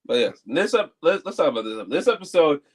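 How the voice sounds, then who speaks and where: A man's voice: on the high side, very animated, fast, husky, poor audio. A man co-hosting a live fan review show, chatting casually and animatedly, jumping into quoted voices. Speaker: co-host.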